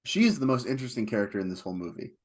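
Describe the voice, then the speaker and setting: A man co-hosting a film podcast, talking casually and at length, getting animated when he retells scenes. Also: mid-range voice, very fast. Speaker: podcast co-host.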